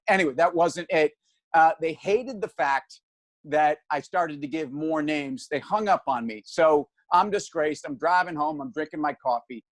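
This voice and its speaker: This is a man in his fifties with a fairly high voice, hosting a casual show. He tells stories with animation, slipping into the voices of the people in them. The sound is close and dry. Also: moderate pace, no room sound. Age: 50s. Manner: animated storyteller, acts out voices. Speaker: show host. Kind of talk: casual chat, storytelling.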